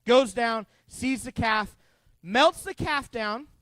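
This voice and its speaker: A youth pastor talking to middle schoolers, lively and chatty, acting out the characters and questioning the room. His voice sits high for a man, and the sound is dry and close. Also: slow pace, dry recording. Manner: animated, conversational, acts out characters, asks the group questions. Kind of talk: youth group Bible teaching.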